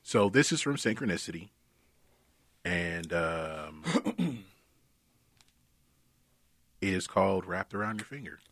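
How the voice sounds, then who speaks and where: A man co-hosting a podcast in casual chat, halting and often laughing. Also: low voice, expressive, a bit bright, no room sound. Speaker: podcast co-host.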